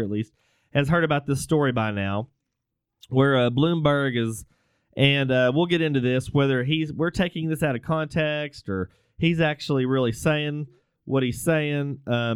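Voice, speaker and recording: A man's voice: on the high side, clean tone, dry recording, studio quality. A man hosting a casual podcast, joking and self-deprecating, often stumbling over his words. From Texas, United States. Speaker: podcast host.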